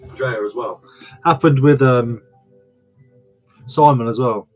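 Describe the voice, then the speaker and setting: An online reseller and streamer chats casually on a live stream, repeating himself and thanking his viewers. His voice is medium in pitch, and the recording quality is low.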